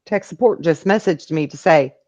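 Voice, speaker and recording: A woman's voice: sits low, moderate pace, a little mellow, dry recording, highs cut off. A middle-aged woman hosting a live call-in stream, chatting casually and reading viewer messages aloud. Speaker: live call-in show host.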